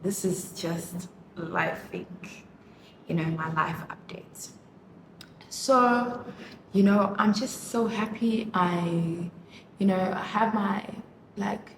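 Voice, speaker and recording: Slow-talking woman vlogging in an echoey room. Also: medium pitch. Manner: emotional, gushing, many fillers. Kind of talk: casual chat while doing makeup. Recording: roomy echo with clear background noise.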